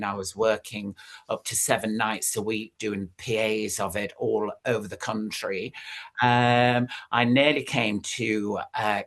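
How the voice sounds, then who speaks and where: A guest in their sixties tells stories at an easy, rambling pace. The voice leaps up and drops down in pitch as the stories go on, full of ums and you-knows. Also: fairly bright tone. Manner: chatty storyteller, many fillers, big pitch swings. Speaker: guest, former recording artist. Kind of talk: anecdotal interview chat.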